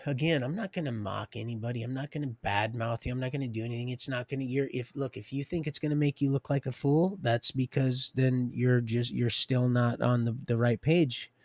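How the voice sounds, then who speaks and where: A man with a gravelly, creaky voice delivers a rambling, preachy livestream monologue and speaks straight to his viewers. His pitch sits in a middle range, and the sound is close and dry with no room around it. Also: steady tone, brisk, hardly any pauses, darkish tone, no echo. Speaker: livestream host.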